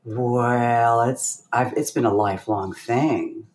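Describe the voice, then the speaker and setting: Animated woman telling stories. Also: rumbling low, slow pace, echoey room, slight background noise. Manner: animated storyteller with bursts of laughter. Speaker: guest pianist. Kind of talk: casual interview storytelling.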